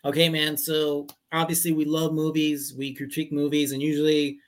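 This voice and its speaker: A man's voice: fairly high pitch, completely flat delivery, moderate pace. Laid-back man swearing casually. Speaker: podcast co-host. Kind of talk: casual chat.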